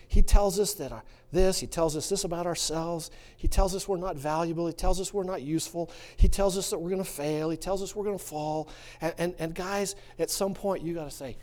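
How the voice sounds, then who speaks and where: A male pastor preaching a sermon, swinging from quiet musing to fervent shouting. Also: high-pitched.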